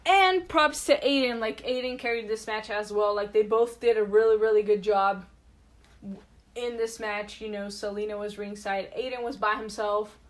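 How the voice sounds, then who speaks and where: A woman co-hosting a podcast in casual chat, chatty and animated, with many fillers and restarts. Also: mid-range voice, moderate pace. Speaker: podcast co-host.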